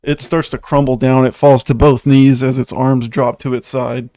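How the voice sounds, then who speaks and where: A man's voice: mid-range voice, flat delivery, moderate pace, mellow, dry recording. Laid-back guy GMing a tabletop game, chuckles a lot, dry close sound. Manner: easygoing, laughs often, narrates results. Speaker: game master.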